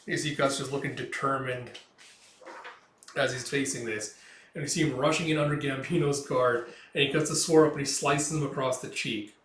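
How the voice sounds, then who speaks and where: A man's voice: mid-range voice, steady tone, moderate pace, a bit bright, roomy sound, far from the mic. A man casually recapping a comic book page by page, rambling with lots of filler words. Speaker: comic reviewer. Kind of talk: casual comic read-through commentary.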